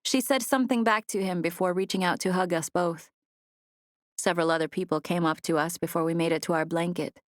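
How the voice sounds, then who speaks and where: A woman reading a novel aloud in first person, in a measured storytelling manner, on a close studio mic. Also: lowish voice, steady tone, dry recording. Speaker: audiobook narrator. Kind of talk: scripted first-person narration.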